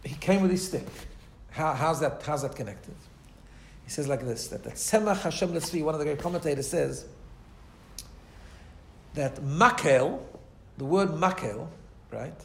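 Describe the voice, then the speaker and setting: A man's voice: a little high, animated, measured pace, pauses often, slight background noise. Chatty man teaching with an Ashkenazi accent. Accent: Orthodox Jewish English with Ashkenazi Hebrew. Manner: chatty, repeats words, frequent "right?" checks. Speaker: Torah teacher. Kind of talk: Torah class, explaining Hebrew texts.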